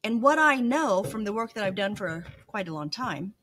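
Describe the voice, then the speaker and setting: A woman's voice: mid-range voice, expressive, moderate pace, fairly bright tone. A middle-aged woman telling an earnest, emotional personal story in a vlog. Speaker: vlogger.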